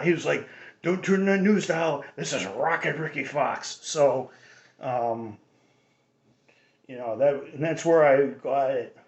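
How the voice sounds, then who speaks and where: A man hosting his own radio show, rambling through a casual monologue with many restarts. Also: medium pitch. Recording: roomy dull lo-fi recording.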